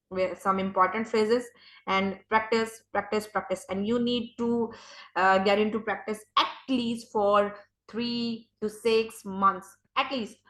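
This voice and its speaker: A woman's voice: mid-range voice, a bit bright, echoey room, rough recording. A young woman with a Pakistani English accent teaching an informal English lesson, hesitant with many fillers and restarts but encouraging.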